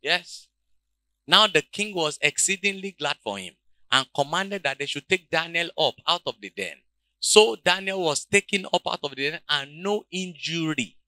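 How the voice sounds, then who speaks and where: A man preaching a sermon, calling out questions to the congregation and swinging between quiet, low passages and loud shouts. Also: expressive, normal speed, dry recording. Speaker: pastor.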